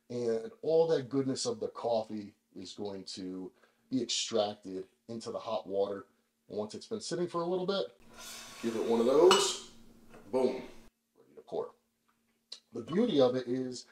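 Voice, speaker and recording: Male host, relaxed chatty demo, mid-pitched voice, roomy kitchen echo. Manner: relaxed, chatty, many fillers. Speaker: vlog host. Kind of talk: casual demonstration.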